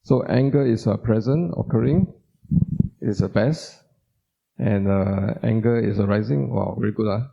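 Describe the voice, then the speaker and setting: Heard through dull lo-fi audio, a male doctor leads an informal Buddhist teaching, echoing his own words for emphasis and putting questions to those listening. His voice is lowish, creaky and a little slow.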